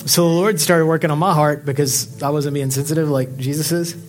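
A man preaching a sermon, swinging from impassioned exhortation to quiet, confiding storytelling. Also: a little high, fairly even intonation, fairly quick, soft background music. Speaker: pastor.

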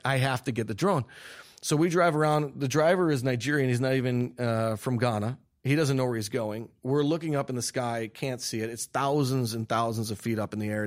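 Young male interview guest, lively storyteller, mid-pitch, restarts often, laughs through his story. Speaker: guest filmmaker. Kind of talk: animated storytelling.

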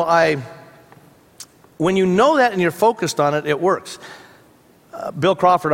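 High-voiced man preaching a sermon. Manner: conversational storytelling with humorous asides. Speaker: pastor. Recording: long hall reverb.

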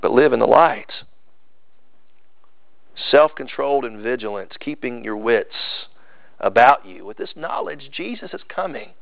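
A man's voice: mid-range voice, expressive, unhurried, creaky, long pauses, no room sound, dull audio. A man preaching a sermon as pastor, emphatic and repeating phrases for stress.

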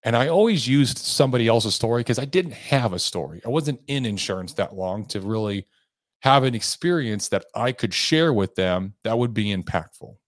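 A man's voice: medium pitch, animated, normal speed, no room sound, studio quality. A man hosting a sales coaching podcast, talking earnestly and with emphasis. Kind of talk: motivational podcast monologue.

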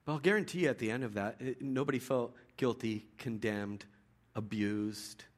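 A man pastor giving a sermon in a relaxed storytelling way, with frequent restarts. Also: mid-range voice, normal speed.

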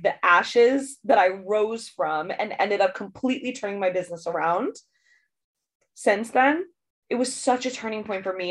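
A woman business coach speaking candidly in a solo podcast monologue, chatty with frequent "like" and "right?" asides and easy laughter. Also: mid-range voice.

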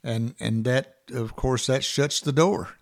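Gravelly man giving a halting morning devotional. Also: mid-range voice. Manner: halting, many fillers and restarts. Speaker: podcast devotional host. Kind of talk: informal devotional talk.

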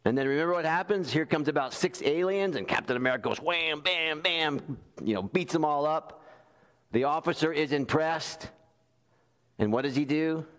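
A man's voice: a little high, moderate pace. Man preaching in a reverberant hall. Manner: animated storytelling with quoted voices. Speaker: pastor. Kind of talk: sermon.

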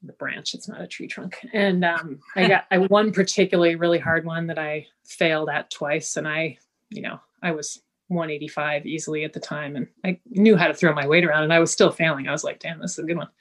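In a deep voice and at a slightly quick clip, a middle-aged woman who works as a healer recounts something that happened to her during a relaxed interview. She animates the tale by voicing the quoted speech herself.

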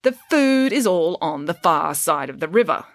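A woman's voice: low voice, sing-song, normal speed. A woman putting on a smug, grinning camp leader. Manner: gleeful, teasing announcements.

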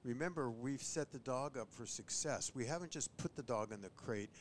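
A man who trains bird dogs, chatting on a podcast and giving tips, who often acts out owners and dogs in a higher voice. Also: moderate pace, slight background noise. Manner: animated, mimics owners and dogs in a high voice. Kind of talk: casual podcast chat.

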